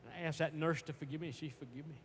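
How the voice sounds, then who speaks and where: High-voiced stammering preacher. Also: male voice, fairly even intonation, racing. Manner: stammering, repeats words, folksy plain grammar; emphatic, swinging between shouts and hushed tones. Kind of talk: sermon. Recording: long reverb, faint background noise.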